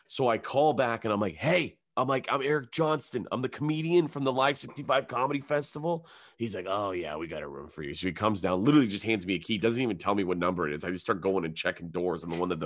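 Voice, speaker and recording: A man's voice: lowish voice, no echo, studio quality. A man from Canada, a comedian, telling a long anecdote in casual chat. He swears often and acts out other people's lines in raised voices.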